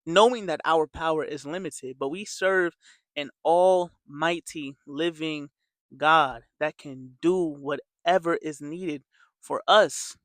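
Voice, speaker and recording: A man's voice: on the high side, slow pace, a bit bright, dry recording, studio quality. A man giving a casual, earnest motivational faith talk as a coach, talking conversationally and repeating his points. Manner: earnest, repetitive, conversational with many fillers.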